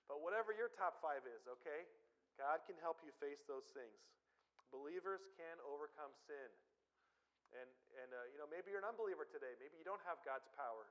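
A man's voice: fairly high pitch, animated, brisk, a bit bright, poor audio. A man preaching a sermon, talking conversationally, telling personal stories and rising to emphatic declarations. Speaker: pastor.

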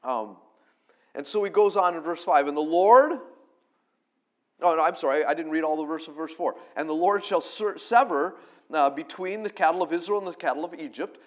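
A man preaching a conversational sermon, explaining scripture verse by verse and rising to loud, emphatic peaks when he quotes it. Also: fairly high pitch, moderate pace. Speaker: pastor.

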